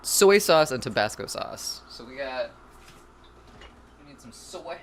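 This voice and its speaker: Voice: mid-range voice, lively intonation, slow pace, pauses often. A rambling, chatty home-cooking streamer whose voice swoops up and down a lot. The talk is loose and self-mocking, directed at chat while the streamer works in the kitchen. A faint hiss of noise sits under the voice. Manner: self-deprecating humor.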